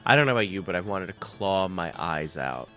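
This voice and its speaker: Stuffed-up man with a low voice. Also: animated, a little fast, bright, forceful tone, faint music behind. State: stuffed up with a cold. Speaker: podcast co-host. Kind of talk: casual chat.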